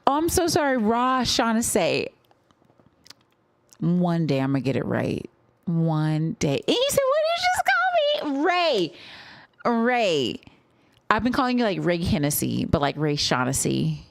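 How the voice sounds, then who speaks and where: A young woman streaming a live music reaction, gushing and excitable, at times dropping into awed whispers. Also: on the low side, no room sound.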